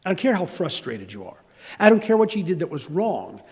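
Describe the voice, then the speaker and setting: A man's voice: high-pitched, sing-song, brisk, darkish tone, long reverb tail. An older man preaching a sermon, telling a story with conversational asides. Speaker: pastor.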